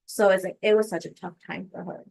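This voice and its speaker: A woman who works as a preschool teacher, speaking in a thoughtful, halting way in a casual podcast chat. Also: medium pitch, fairly even intonation, gravelly, a little mellow, husky, poor audio.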